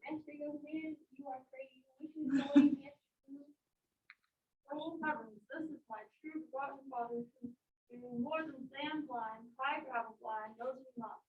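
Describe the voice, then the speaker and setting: A woman's voice: high-pitched, steady tone, measured pace. A woman reading aloud as a comic, rambling young male servant in a classroom play reading, heard from far off. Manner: reading the lines aloud plainly from the text. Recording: distant, echoey, phone-like classroom mic.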